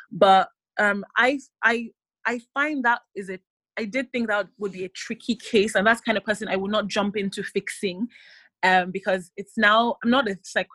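Woman aesthetic practitioner chatting in an interview, mid pitch, dry close sound, thinks as she talks. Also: fairly bright tone, no room sound, rough recording. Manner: thoughtful, frequent fillers and restarts. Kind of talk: interview answer, casual explanation. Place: clinic in an African country.

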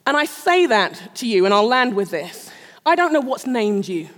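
A woman's voice: a little high, sing-song, normal speed, a bit bright. A middle-aged woman preaching a sermon, telling a personal story with self-mocking humor and frequent laughter. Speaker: speaker at a Christian gathering. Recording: long reverb of a large hall.

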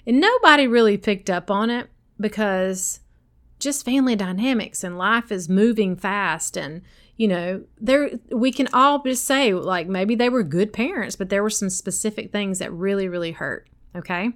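Woman, middle-aged, noticeable accent, smooth clear voice, chatty self-help host, talks directly to listeners. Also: medium pitch, moderate pace. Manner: chatty, speaks straight to listeners.

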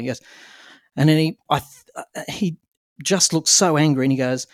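A man hosting a podcast, chatting casually and telling an animated story. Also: on the high side, fairly quick, long pauses, dry recording, studio quality. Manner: storytelling, animated when quoting others. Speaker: podcast host. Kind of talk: casual conversation.

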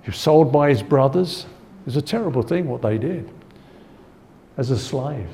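A man's voice: mid-range voice, animated, moderate pace, vocal fry, mellow. A man preaching a Bible-teaching sermon in a conversational way, repeating his key points and often saying "you know.".

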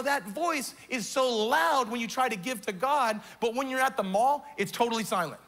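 Pastor, male, very high bright voice, emphatic sermon delivery full of rhetorical questions. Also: normal speed, few pauses.

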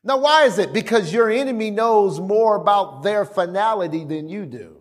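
A man preaching a sermon in an animated, conversational way, with laughing asides. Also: sits high, normal speed.

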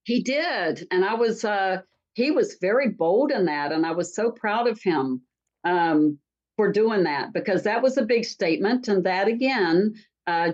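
A woman from Alaska, a talk-show guest, telling a story in lively, chatty fashion with frequent ums and restarts. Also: medium pitch. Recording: dull lo-fi sound.

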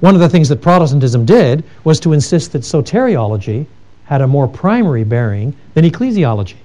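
A man's voice: on the high side, warm tone. A man giving an earnest theology lecture, telling stories with emphatic repetition and frequent restarts. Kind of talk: lecture with told anecdotes.

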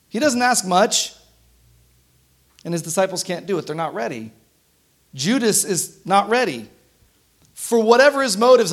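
A man preaching a sermon as pastor, conversational, often checking in with the congregation. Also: high voice. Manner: conversational, frequent tag questions.

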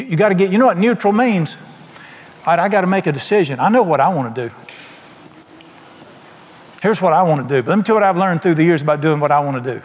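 A man preaching a folksy, colloquial sermon, his voice dropping soft at times. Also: on the high side. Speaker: pastor. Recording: long hall reverb.

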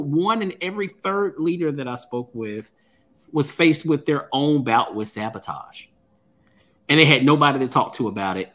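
A man's voice: fairly high pitch, a bit bright. A man who is a guest and author, telling a personal story in an interview in an earnest way and often repeating words as he starts a thought.

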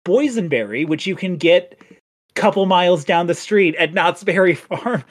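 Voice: mid-range voice, animated, moderate pace, no echo. Chatty podcast cohost, voice bouncing up and down a lot, dry close sound. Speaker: podcast co-host. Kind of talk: casual chat.

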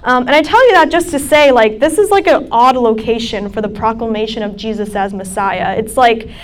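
A young adult woman gives a casual, chatty sermon to students, with many fillers. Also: fairly high pitch. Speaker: campus ministry speaker. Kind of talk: sermon talk.

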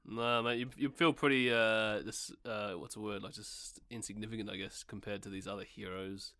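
A man co-hosting a podcast, chatting casually with joking, quiet asides. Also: on the low side, steady tone, normal speed. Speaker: podcast co-host. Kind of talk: casual chat.

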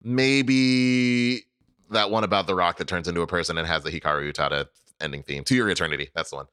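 A man co-hosting a casual podcast, talking in an animated, jokey way and swearing casually. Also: low voice, fast talker, smooth, no room sound, clean studio sound. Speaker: podcast co-host. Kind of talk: casual chat.

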